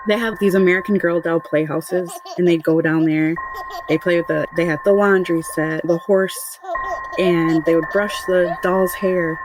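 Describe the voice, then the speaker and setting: A woman's voice: lowish voice, fairly even intonation, normal speed. Woman recounting an eerie story, noisy recording. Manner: rambling, conversational, many "like"s and restarts. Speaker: mother telling a true paranormal story. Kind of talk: casual spoken recollection.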